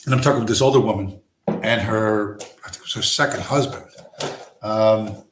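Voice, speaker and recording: A man's voice: lowish voice, moderate pace, background noise. A man streaming, telling a rambling story with heavy swearing and constant asides. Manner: profane, digressive, lots of fillers. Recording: roomy echo.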